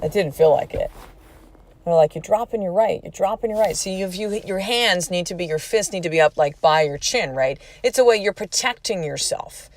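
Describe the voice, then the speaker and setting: A woman's voice: lowish voice, lively intonation, moderate pace. Candid, swearing woman in her forties. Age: 40s. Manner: candid and emphatic, swears freely. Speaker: podcast host. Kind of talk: personal storytelling monologue.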